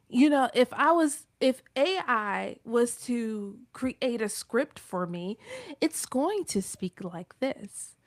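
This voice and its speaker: A woman's voice: a little high, expressive, slow, dry recording. Emphatic Southern woman from North Carolina. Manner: emphatic, acts out quoted speech in shifting voices. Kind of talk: casual chat on a live broadcast.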